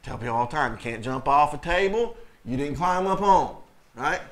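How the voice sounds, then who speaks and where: A man's voice: on the high side, animated, moderate pace. A man pastor preaching a sermon, blunt and emphatic, firing off rhetorical questions and reading scripture aloud.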